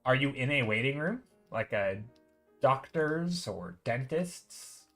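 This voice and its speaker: A man's voice: medium pitch, lively intonation, slow pace, creaky, fairly bright tone, faint music behind. A man live-streaming while painting digitally, chatting casually and thinking aloud as he greets viewers in chat.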